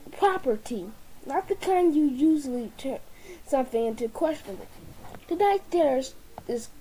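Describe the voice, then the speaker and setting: High-voiced woman stumbling through a comic toast. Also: warm tone, a little hiss or hum, poor audio. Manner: stumbles and restarts words often. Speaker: speaker giving a dinner toast. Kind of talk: comedic formal toast.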